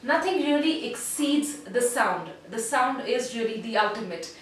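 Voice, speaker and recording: A woman voice coach explains exercises in a measured, teacherly way. Her voice sits high and bright. It is recorded from some way off in a very reverberant room with a faint hiss behind it. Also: lively intonation. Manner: measured, instructive, demonstrates sounds. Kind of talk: online voice lesson. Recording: very echoey room, voice heard from a distance.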